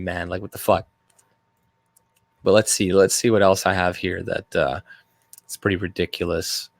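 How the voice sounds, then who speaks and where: A man's voice: lowish voice, no room sound. Rambling, crude man streaming live. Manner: rambling, loose, crude off-color joking. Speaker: live-stream host reading chat. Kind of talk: casual live-stream commentary.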